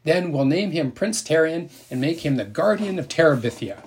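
A man voicing a lively, imaginative young girl who talks in a playful, grand make-believe way. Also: fairly high pitch, normal speed, voice pushed up, lightly acted. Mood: excited.

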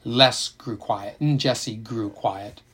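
Male narrator with a mid-range voice, audiobook style, expressive and emotionally engaged. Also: medium pitch, slow, husky.

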